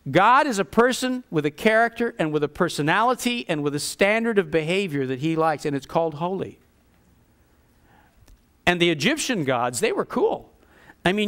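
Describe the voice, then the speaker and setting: A man preaching a sermon in an animated way, acting out the grumbling voices of the people with scorn. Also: sits high.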